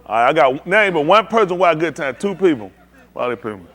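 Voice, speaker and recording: Host, male; high, lively pitch; playful teasing emcee of a room game. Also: fast talker. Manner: playful, teasing, calls on people by name. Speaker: host leading a group trivia game. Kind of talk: lively group banter.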